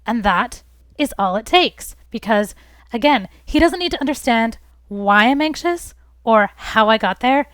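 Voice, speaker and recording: A woman's voice: fairly high pitch, animated, a little slow, a bit bright, no echo. A young woman hosting a relationship advice talk, speaking earnestly and reassuringly and explaining through everyday examples. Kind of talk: casual advice talk to camera.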